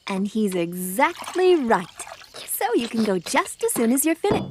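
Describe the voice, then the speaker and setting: A woman's voice: a little high, sing-song, normal speed. A motherly cartoon kangaroo, coaxing, light and lilting, noisy clip. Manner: warm, coaxing. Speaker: cartoon voice actress. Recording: clip with background noise.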